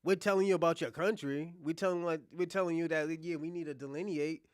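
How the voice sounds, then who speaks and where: A man from the United States hosting a livestream, giving blunt, profane casual commentary and talking back to his chat in loud bursts. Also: fairly high pitch, fairly even intonation, quick pace, smooth, dry recording, studio quality. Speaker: livestream host.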